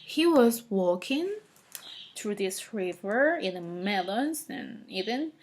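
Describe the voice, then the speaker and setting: Slow, hesitant woman retelling a story. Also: medium pitch, animated, slight background noise. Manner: hesitant, many fillers and restarts.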